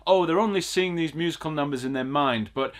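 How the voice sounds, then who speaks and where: A man's voice: fairly high pitch, a little fast. A man hosting a film review podcast, ranting with exasperated, emphatic repetition in casual chat.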